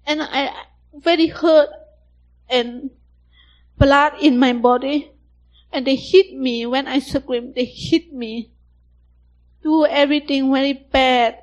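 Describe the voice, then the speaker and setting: Young woman, slow halting testimony, simple English. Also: sits high, fairly even intonation, lo-fi sound. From Thailand. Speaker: survivor giving testimony. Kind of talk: personal testimony.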